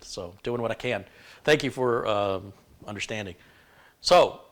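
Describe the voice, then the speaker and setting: A man hosting a live computer-building stream, talking frankly and shifting between stern remarks and chatty thanks. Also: mid-range voice. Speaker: livestream host.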